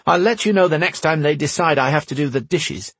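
A man's voice: brisk, a bit bright, husky, dry recording. A man voicing a whiny, eager fourteen-year-old boy who pushes to be included. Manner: high pleading whine.

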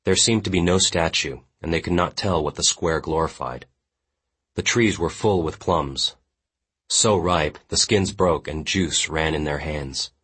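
A man narrating literary fiction with a measured, grave delivery. His voice sits extremely low, with a husky, breathy edge. The reading is steady and scripted. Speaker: audiobook narrator.

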